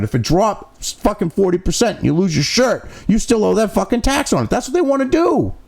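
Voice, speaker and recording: Gravelly-voiced male commentary host, profane and sarcastic, pitch swinging wildly between read-outs and rants. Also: darkish tone. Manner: mocking asides between read-out passages. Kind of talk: ranting news commentary, reading article excerpts.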